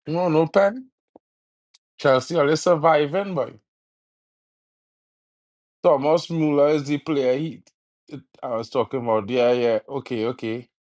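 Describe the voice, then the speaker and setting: A man hosts a live football watch-along stream, drawling his words out slowly and letting each jab hang. He teases rival supporters in heavy island slang and shouts his complaints at the referee. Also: a little high. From Trinidad and Tobago. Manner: teasing, trash-talking rival fans in local slang; yells at the referee over fouls.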